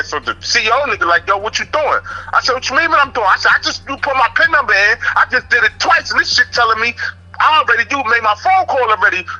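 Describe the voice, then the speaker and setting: High, bright-voiced New York man. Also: rough recording. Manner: streetwise, repeats "you know what I'm saying". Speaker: interview guest telling a prison story. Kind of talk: casual storytelling.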